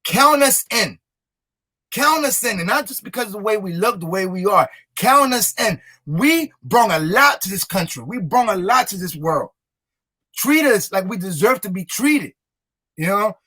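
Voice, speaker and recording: A man's voice: high voice, big pitch swings, moderate pace, pushed and bright. A young man, a rapper, talking in a casual interview in an emphatic, repetitive, motivational way. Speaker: rapper and guest.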